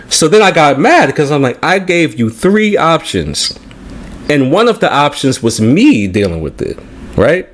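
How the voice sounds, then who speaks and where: A man telling a personal story in casual chat, animated and profane, often checking in with "right?". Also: fairly high pitch, a little slow. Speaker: podcast panelist.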